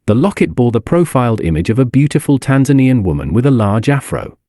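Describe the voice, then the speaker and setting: A man narrating a fantasy audiobook in a wry, expressive storytelling manner. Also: medium pitch, brisk, no room sound, studio quality.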